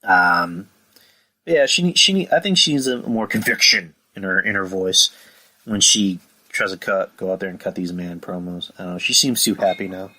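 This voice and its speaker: A man hosting a casual review podcast, rambling, swearing often and getting animated. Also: deep voice, normal speed, poor audio. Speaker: podcast host.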